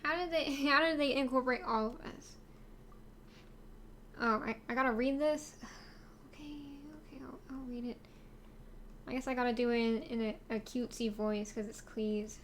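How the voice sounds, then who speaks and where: A woman talks through her live-streamed game with a chatty, easygoing flow, dropping wry asides and laughs as she plays. Her voice sits high for a woman, with a faint hum of noise behind. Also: steady tone, moderate pace, pauses often, fairly bright tone. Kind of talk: casual live-stream commentary while gaming.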